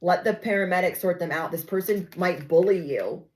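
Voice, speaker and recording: A woman's voice: on the low side, normal speed, a little mellow, rough recording. A young adult woman giving a casual, sassy spoken reading to her viewers, often acting out the people she describes. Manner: chatty, sassy, acts out quoted voices. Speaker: tarot reader.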